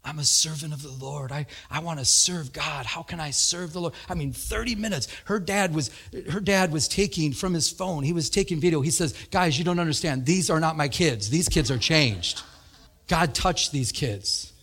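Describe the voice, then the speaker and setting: A middle-aged man preaching a sermon, telling stories with animated energy and laughter. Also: brisk, few pauses, breathy edge. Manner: animated storytelling, laughing, rising to high emphatic peaks. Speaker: pastor.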